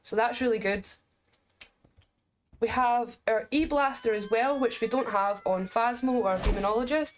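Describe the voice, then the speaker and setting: Scottish woman, game reviewer, slightly high voice, chatty commentary with jokey asides. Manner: chatty, explaining as she plays, quick asides and jokes. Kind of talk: casual gameplay commentary.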